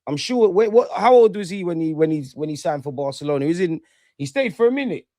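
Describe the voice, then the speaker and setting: A man hosting a live football watch-along, swearing a lot, muttering to himself and shouting at goals. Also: on the high side, animated, fast. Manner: mutters quietly to himself between outbursts.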